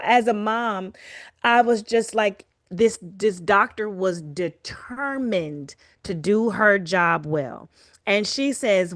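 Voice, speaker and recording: A woman's voice: medium pitch, very slow, no room sound, studio quality. A woman co-hosting a podcast, recapping a story in casual chat and acting out the lines she quotes. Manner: animated, acts out quoted lines. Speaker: podcast co-host.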